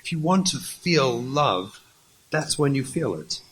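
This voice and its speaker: A man's voice: mid-range voice, expressive, a little slow, fairly bright tone, slight background noise, low-quality recording. A man, a rabbi, giving a lecture and acting out stories, emphatic and repeating key points.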